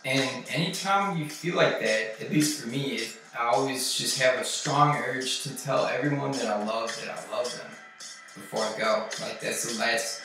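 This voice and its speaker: Guy rambling slow with tons of "like"s, far from the mic, super echoey, music going behind. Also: mid-range voice. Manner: halting, filler-heavy, profane. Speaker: vlogger recounting a trip. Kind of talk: rambling personal account.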